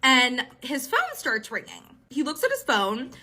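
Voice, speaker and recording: A young woman telling a dating horror story in a casual, animated way, full of fillers and swearing. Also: sits high, unhurried, slight background noise.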